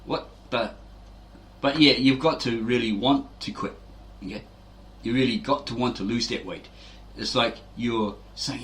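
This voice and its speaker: A man's voice: mid-range voice, moderate pace, fairly bright tone, a little hiss or hum. A middle-aged man hosting a fitness video, telling rambling casual stories and acting out quoted voices, with frequent "right?" tags.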